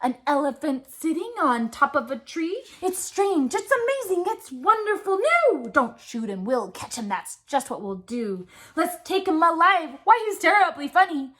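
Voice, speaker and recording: A woman voicing a group of excited male hunters in a rhythmic rap-style storybook reading. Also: high-pitched, moderate pace, few pauses.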